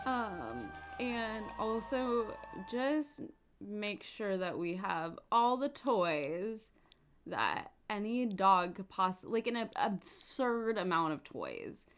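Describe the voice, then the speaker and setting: A woman's voice: mid-range voice, big pitch swings, soft background music. Young woman chatting thru her life sim game, bubbly and gushy. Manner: bubbly, gushing, quick asides and giggles. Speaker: gaming YouTuber. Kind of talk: casual life-sim let's play commentary.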